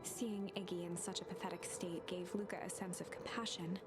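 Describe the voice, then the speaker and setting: A woman reading story narration aloud in a soft, unvoiced whisper. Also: lowish voice, level tone, a little fast. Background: game music.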